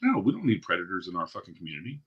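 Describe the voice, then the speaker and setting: A man's voice: sits low, wildly swooping pitch, racing, slightly rough, dull audio. A man hosting a podcast in casual chat, talking bluntly and profanely in a ranting way. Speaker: podcast host.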